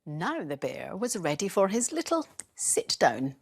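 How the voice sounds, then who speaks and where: A woman teacher reading a bedtime story aloud in a gentle, expressive storytelling manner. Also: lowish voice, measured pace, gravelly, breathy edge.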